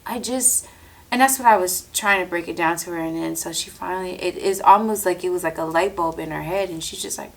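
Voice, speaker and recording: A woman hosting a podcast, telling a story in a casual, animated monologue, acting out quotes and swearing freely, close to the mic. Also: lowish voice, fairly quick, vocal fry. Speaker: podcast host.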